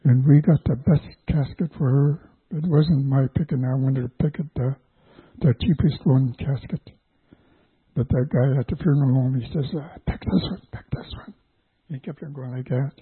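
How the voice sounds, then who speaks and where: An older man with a husky, breathy voice gives a halting personal testimony, stopping and restarting as he goes. The sound is tinny and narrow, like a phone line, and dry with no room around it. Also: medium pitch, steady tone, no echo. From Canada, Vancouver Island. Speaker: church guest giving testimony.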